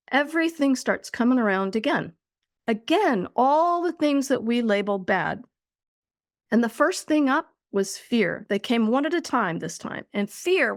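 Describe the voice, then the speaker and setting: A woman speaks slowly and earnestly in a fairly high voice, recounting a deeply personal spiritual experience as a podcast guest. Her delivery is deliberate and heartfelt. The sound is close and dry. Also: no room sound. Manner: slow, earnest, deliberate storytelling.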